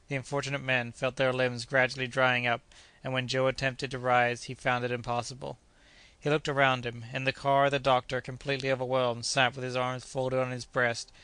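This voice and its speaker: A man narrating an adventure audiobook in a measured, steady reading. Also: medium pitch, clean tone, dry recording.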